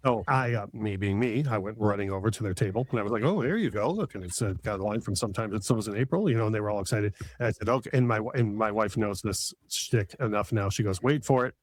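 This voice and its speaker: A man's voice: fairly low pitch, steady tone, fast, hardly any pauses. A middle-aged man chatting casually as a podcast host, enthusiastic and rambling with many fillers and restarts. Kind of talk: casual chat.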